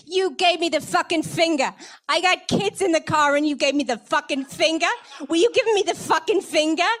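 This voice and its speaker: A woman voicing a furious mother who shoves into a stranger's car, shouting accusations in a shrill voice. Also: fairly quick.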